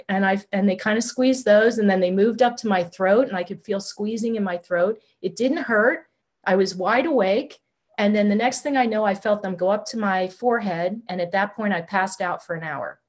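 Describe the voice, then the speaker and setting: Animated storytelling woman in her sixties. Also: medium pitch. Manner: animated storyteller, acts out quotes. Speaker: guest. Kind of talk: interview storytelling.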